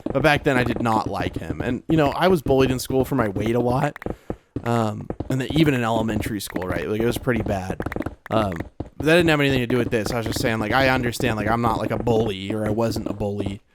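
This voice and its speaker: A man's voice: medium pitch, quick pace, background noise. A young man telling a long, rambling childhood story in a laid-back way while playing a game, his talk full of "like" and "bro". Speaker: gaming streamer.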